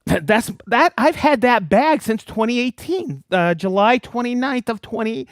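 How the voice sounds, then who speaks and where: A man hosting a live stream in a casual, excited way, calling out viewers by name and hometown. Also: extremely high pitch, normal speed, no echo, clean studio sound. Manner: excited, animated, reading viewer shout-outs. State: worked up and dusty after a demo. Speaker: host of a live product show.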